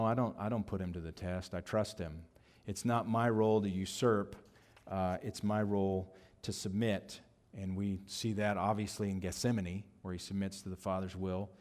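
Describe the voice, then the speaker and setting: A man preaching an expository sermon, thoughtful and halting, with frequent fillers and restarts. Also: lowish voice, a little mellow. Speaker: pastor.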